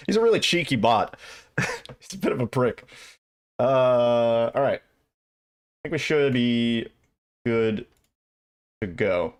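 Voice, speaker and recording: Speedrunning on a livestream, a man talks loosely and rambles while replying to chat, dropping the occasional casual swear. He has a medium-pitched, expressive voice, a measured pace, and frequent pauses.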